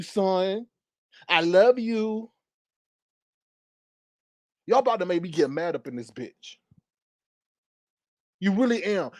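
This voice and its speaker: A man's voice: sits high, darkish tone, no room sound, clean studio sound. A man hosting a livestream, angrily ranting in a profane, repetitive way. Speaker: livestream host. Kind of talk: heated livestream rant.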